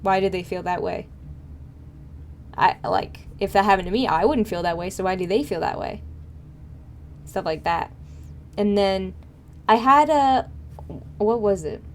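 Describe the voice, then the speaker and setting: A woman's voice: mid-range voice, unhurried, pauses often, a little hiss or hum. A young woman streaming live, chatting casually with her viewers in a rambling way full of fillers. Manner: rambling, filler-heavy, frequent laughs.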